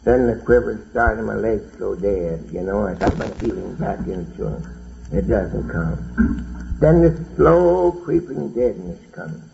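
Middle-aged man, gravelly, folksy testimony talk, muffled old lo-fi tape. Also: lowish voice, animated, measured pace. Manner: plainspoken, folksy storytelling with dialect grammar. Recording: dull lo-fi recording with faint hiss.

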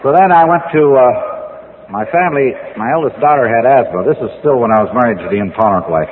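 A man's voice: mid-range voice, lively intonation, fast. A folksy man rambles through jokes and stories about his drinking days, chuckling at his own punchlines. His voice comes through a tinny, phone-like old recording, with a long echo from a big hall. Faint hiss sits underneath. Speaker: speaker telling his drinking story. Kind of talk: storytelling talk with jokes.

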